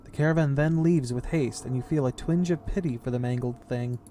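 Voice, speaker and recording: A man reading a game's story text aloud in a casual playthrough. He reads steadily at a middle pitch and breaks off into offhand comments. A faint hiss sits behind him. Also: fairly quick. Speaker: game player and narrator.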